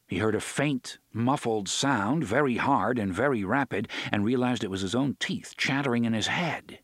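A male narrator reads a dark novel aloud in a measured, dramatic way, lingering on the grim details. His mid-pitched voice sits right on a close studio mic. The sound is dry, with no room around it. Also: slightly rough, no echo. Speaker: audiobook narrator. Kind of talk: scripted audiobook narration.

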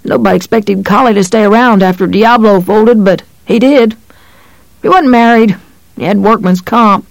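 A narrator reads a novel in an even, measured voice at a middle pitch. The recording is close and dry, with no room sound. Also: gravelly, dry recording, low-quality recording. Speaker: audiobook narrator. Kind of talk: scripted narration of a horror novel.

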